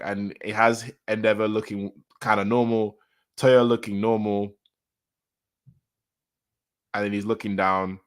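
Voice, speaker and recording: A man's voice: fairly low pitch, unhurried. A man reading a comic chapter aloud and reacting to it in casual chat, often repeating his reactions. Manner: reads lines aloud then reacts, repeating himself excitedly. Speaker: manga reaction host.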